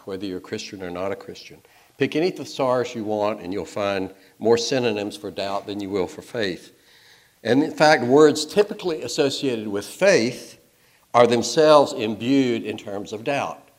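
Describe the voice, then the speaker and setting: A man preaching a sermon, telling stories and shifting between loud and soft delivery. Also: lowish voice.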